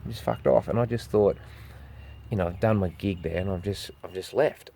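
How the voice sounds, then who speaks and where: A man's voice: low-pitched, moderate pace, vocal fry, dark tone. An Australian man telling a long, rambling story straight to camera, swearing freely and acting out what other people said. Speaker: street performer with a goat.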